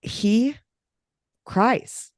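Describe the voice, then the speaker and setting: A woman who runs breathwork sessions, chatting on a podcast and telling stories with an animated, swooping delivery. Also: extremely slow, dry recording, clean studio sound. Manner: animated storytelling, big pitch swings. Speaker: breathwork facilitator. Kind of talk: podcast conversation.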